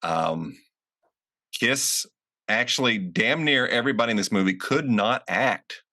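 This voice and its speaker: A man's voice: lowish voice, animated, measured pace, bright, forceful tone. A middle-aged man co-hosting a casual movie review podcast, sarcastic and rambling with plenty of fillers. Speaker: podcast co-host.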